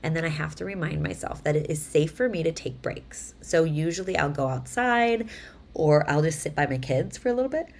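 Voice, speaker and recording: Low-voiced chatty woman vlogger. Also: brisk, slight background noise. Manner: chatty, animated retelling with voiced quotes. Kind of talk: casual monologue to camera.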